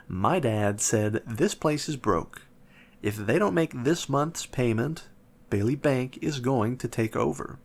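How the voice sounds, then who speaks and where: Snappy spoiled rich girl in a kids' story, read by a man, slow. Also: medium pitch, lively intonation, creaky, exaggerated voice. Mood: bratty. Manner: snappy, boastful. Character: spoiled rich schoolgirl, bratty.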